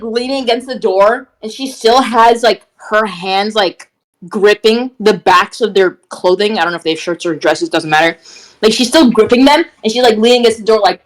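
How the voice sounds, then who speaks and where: A woman's voice: medium pitch, rough recording. A woman player casually narrating what her character does, full of fillers. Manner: rambling, filler-heavy.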